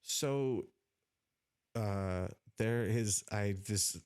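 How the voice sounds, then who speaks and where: A man's voice: on the low side, drawn-out words, darkish tone, clear, resonant tone. A man co-hosting a casual podcast chat, rambling and restarting his sentences often. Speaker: podcast co-host.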